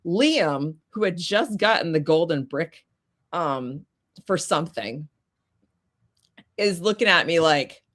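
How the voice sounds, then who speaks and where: A woman guest telling a story in casual chat, animated and acting out the voices of people in it. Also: sits low, slow pace, pauses often. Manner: animated, acts out quoted voices. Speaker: podcast guest.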